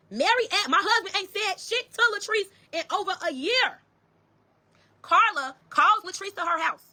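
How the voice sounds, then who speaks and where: A woman with a high, bright voice races through a story. Her delivery is emphatic and full of swearing, and she keeps turning to her listeners to address them directly. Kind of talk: casual storytelling to viewers.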